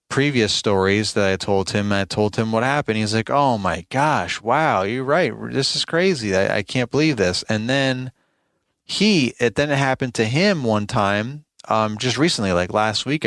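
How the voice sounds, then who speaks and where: Exasperated about complaints, a podcast host who runs a lawn care business tells a rambling story in a casual, conversational monologue. His low-leaning voice is clear and resonant with a fairly bright tone. No room sound comes through.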